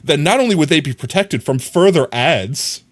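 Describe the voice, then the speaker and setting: Playful, animated young male streamer. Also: normal speed. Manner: playful and teasing, talks straight to chat; animated, rising pitch swings. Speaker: livestreamer. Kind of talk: casual livestream chat while gaming.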